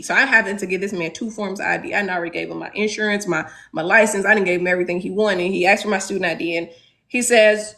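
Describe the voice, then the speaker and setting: A woman from Chicago's South Side in her thirties, earnestly telling a class a personal story and pausing on rhetorical questions. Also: mid-range voice, sharp tone. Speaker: teacher leading a class discussion.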